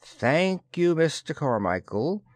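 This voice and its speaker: A man voicing a cold, calculating senior male official who speaks calmly and wearily in a storybook reading. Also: a little high, no echo, pitched above the performer's own voice. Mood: cool. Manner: calm, measured, weary.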